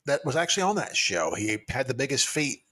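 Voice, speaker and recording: A man's voice: medium pitch, big pitch swings, fairly quick, pushed and bright, breathy edge. Rambling, chuckling man in his fifties. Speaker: podcast co-host. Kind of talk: casual chat.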